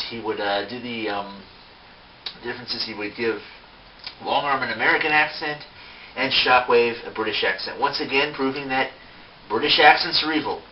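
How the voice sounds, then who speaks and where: A man giving a casual, unscripted toy review, rambling with lots of fillers and self-mocking asides. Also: mid-range voice. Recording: distant mic, dull sound, faint hiss.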